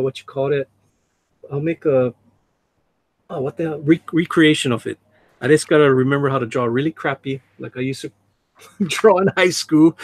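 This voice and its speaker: Gravelly guy on a stream, kinda high voice, reads chat out loud and cracks jokes, dry sound. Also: dry recording. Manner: chatty, laughs often, reads chat aloud with jokey asides. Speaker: livestream host. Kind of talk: casual livestream chat reading comments. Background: dog jumping on him.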